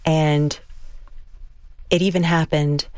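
Calm interviewer, mid-pitched voice. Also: takes it slowly, clear, resonant tone, dry recording. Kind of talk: interview conversation.

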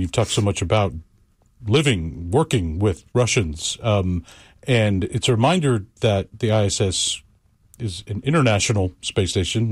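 A man with a low voice hosts a conversation. He builds long, thoughtful questions slowly and in a casual way. The sound is dry and close. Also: darkish tone, dry recording. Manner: rambling, thoughtful questions with fillers. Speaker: interviewer, host. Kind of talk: conversational interview.

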